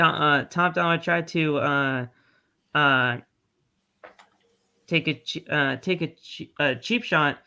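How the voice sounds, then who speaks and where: A man's voice: medium pitch, pushed and bright. A man co-hosting a podcast in casual chat, laid-back, swearing and laughing often. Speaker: podcast co-host. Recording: dull lo-fi sound.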